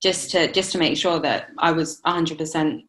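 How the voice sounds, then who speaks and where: Halting young woman telling her story. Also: low voice, a bit bright. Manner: halting, many restarts and fillers. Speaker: interview guest, new mother. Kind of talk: emotional personal interview.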